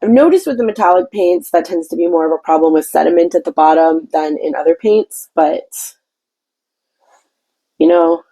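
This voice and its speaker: A woman with a low, gravelly voice walks through a craft tutorial while she paints. Her tone is dark and mellow with a husky edge. She talks in a chatty, meandering way and restarts her sentences often. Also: moderate pace, rough recording.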